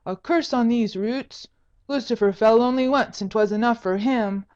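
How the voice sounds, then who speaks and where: A woman's voice: on the high side, moderate pace, a little mellow, dull audio, lightly acted. A woman doing a whining drunken carol singer. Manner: whining, wailing.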